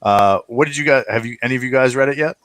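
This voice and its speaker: A man hosting a podcast in casual group chat, laughing often and filling pauses with many "uh"s and restarts. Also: mid-range voice, fairly bright tone, no echo. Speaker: podcast host.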